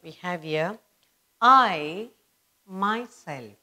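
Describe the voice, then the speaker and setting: Slow, deliberate woman teaching grammar. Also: mid-range voice, expressive, fairly bright tone. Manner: slow, deliberate, repeats examples aloud. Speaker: English teacher. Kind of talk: slow grammar lesson for kids.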